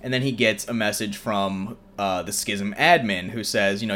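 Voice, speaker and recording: A man's voice: lowish voice, normal speed, bright, forceful tone. A young man hosting a show, casually recapping a film in a rambling way with many fillers. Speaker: host.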